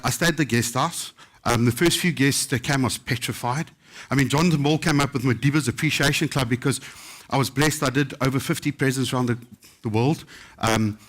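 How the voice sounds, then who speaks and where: A middle-aged man, a chef, telling anecdotes in a casual, lively storytelling way at a book festival and acting out the quotes. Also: mid-range voice.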